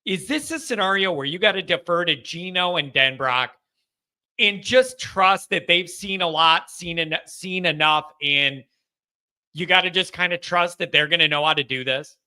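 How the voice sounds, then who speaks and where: High, bright-voiced male sports host. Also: normal speed, smooth. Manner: agreeable, self-deprecating, chatty. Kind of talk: casual sports talk.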